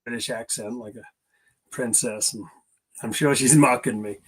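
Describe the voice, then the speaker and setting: A man with a Manx accent, answering interview questions in a relaxed, modest way. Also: medium pitch, moderate pace, over a noisy crowd, low-quality recording. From Isle of Man. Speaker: podcast guest, racer.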